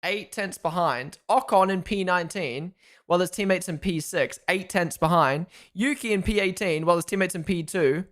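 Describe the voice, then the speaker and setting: Excitable man streaming live race reactions. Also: high-pitched, moderate pace. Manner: excitable, chatty, reads out chat and thanks followers. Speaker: streamer hosting a race watchalong.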